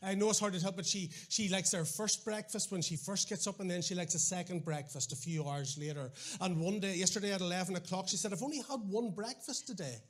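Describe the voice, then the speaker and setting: A middle-aged Northern Irish man preaching a sermon in a high voice. He tells stories with wry asides and stumbling restarts, keeping an animated, conversational pulpit manner. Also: fast talker, few pauses. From Northern Ireland.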